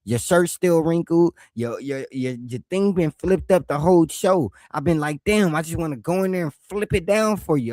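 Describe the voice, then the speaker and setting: A man reacting to a podcast clip, talking back at the screen in a loud, mocking, teasing way. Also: on the high side, normal speed, hardly any pauses, dry recording. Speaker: reaction streamer. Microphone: headset.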